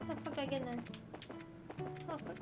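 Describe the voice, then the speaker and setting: A young woman streaming a game, making casual, low-key asides and swearing freely. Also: fairly even intonation, fast, loud music behind the voice. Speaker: gaming streamer. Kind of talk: let's play commentary.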